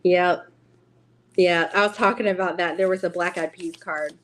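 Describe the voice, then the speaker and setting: This tarot livestream host is a woman from the Southern United States with a Southern accent, speaking in a lowish, steady tone at a moderate pace. She keeps it casual, chatting freely, laughing often, and responding to viewers.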